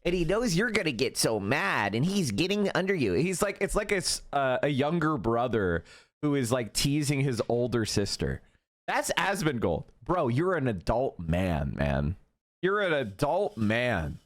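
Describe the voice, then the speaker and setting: A man's voice: medium pitch, big pitch swings, measured pace. A man mocking a politician's claims in profane, incredulous streamer commentary. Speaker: streamer reacting to clip.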